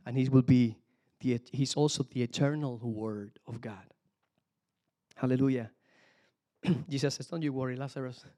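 A man preaching a sermon, animated, calling out hallelujah and praise the Lord between points. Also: medium pitch, moderate pace, long pauses. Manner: animated, exclamations of hallelujah, some restarts.

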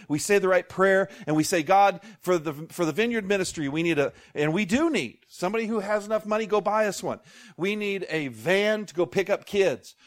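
A man preaching a sermon as pastor, animated, with jokey asides and call-outs to the congregation. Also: high-pitched.

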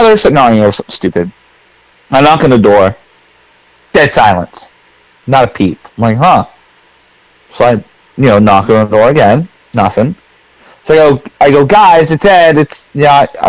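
A man's voice: medium pitch, dry recording, poor audio. A middle-aged man, a podcast co-host, telling a long story in casual chat, rambling with fillers and acting out his own lines.

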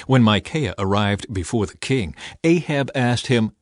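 A man narrating a scripture passage in a steady, measured reading voice. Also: lowish voice, dry recording, studio quality. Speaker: scripture reader.

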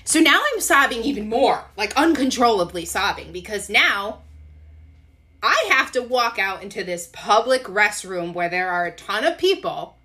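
A woman's voice: medium pitch, big pitch swings, moderate pace, bright, forceful tone. A young adult woman hosting a podcast, telling an embarrassing personal story in a candid, self-deprecating way. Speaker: podcast host.

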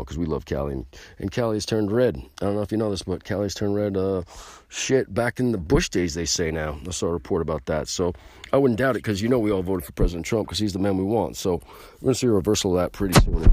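Brash, boastful ranting man, deep voice. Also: no room sound. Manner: gets louder and higher when worked up. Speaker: podcast host. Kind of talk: ranting podcast monologue.

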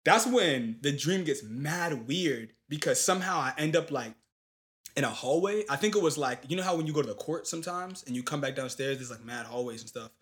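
A young man in casual chat, telling a long story in animated, slangy talk with lots of fillers. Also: a little high, fairly quick.

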